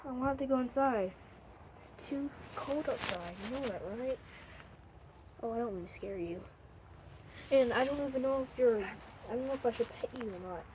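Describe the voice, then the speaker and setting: A woman standing outdoors in the cold by a door, talking softly and apologetically to a cat on her vlog. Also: a little high, moderate pace, pauses often. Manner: soft, pleading, apologetic. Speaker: vlogger. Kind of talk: casual talk to an animal. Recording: lo-fi phone audio with noisy outdoor background.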